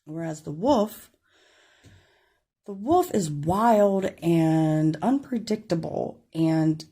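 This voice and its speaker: A woman's voice: deep voice, lively intonation, takes it slowly, dark tone, slightly rough. A woman giving a casual tarot reading to her camera, chatty and rambling, apologizing when she gets tongue-tied. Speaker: tarot reader. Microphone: camera mic.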